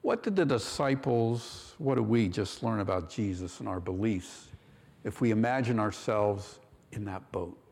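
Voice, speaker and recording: A man's voice: fairly low pitch, lively intonation, a little slow, vocal fry, a little mellow. A man preaching a sermon as pastor, raising his voice for emphasis and acting out quoted lines. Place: church sanctuary. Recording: long church hall reverb.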